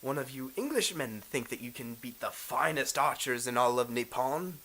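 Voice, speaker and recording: A man's voice: medium pitch, animated, moderate pace, pushed and bright, poor audio. Male GM doing a mocking, proud archer. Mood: scoffing.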